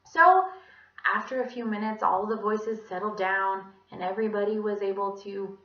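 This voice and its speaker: A young woman telling a children's story aloud with an expressive, animated delivery. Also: mid-range voice, moderate pace. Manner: expressive, animated, dramatic sound effects. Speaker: student storyteller. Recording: echoey room, dull lo-fi sound.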